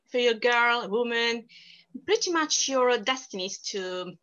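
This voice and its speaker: A woman's voice: fairly high pitch, animated, normal speed, fairly bright tone. A middle-aged woman from Sicily with a strong Italian accent, talking animatedly as an interview guest. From Sicily, Italy. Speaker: guest, company founder. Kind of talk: casual interview. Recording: dull lo-fi sound.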